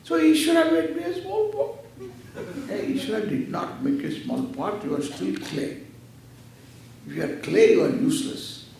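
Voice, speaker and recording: A man's voice: high voice, animated, normal speed, vocal fry, darkish tone. A man, a Vedanta teacher giving a playful scripture lecture and acting out little dialogues. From India. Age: 70s. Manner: playful, acts out dialogues with laughter. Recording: echoey hall, distant mic, faint noise.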